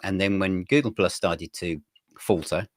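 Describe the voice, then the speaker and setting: Deep-voiced man, relaxed storyteller. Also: measured pace, no room sound, studio quality. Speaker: guest, magazine editor. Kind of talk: casual interview chat.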